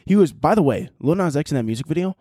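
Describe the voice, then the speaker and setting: Husky and dark-toned, this man's fairly high voice comes quickly and animatedly on his own podcast. He rambles through a profane, casual comic monologue, interrupting himself mid-thought, in studio-quality audio with no room sound.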